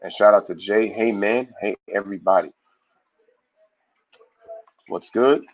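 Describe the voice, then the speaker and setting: Low-voiced guy on a live sports stream reading chat and shouting out viewers, kinda muffled lo-fi audio. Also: unhurried. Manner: reads viewer comments aloud and gives shout-outs; loose, slangy, animated opinions. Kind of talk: casual live-stream talk.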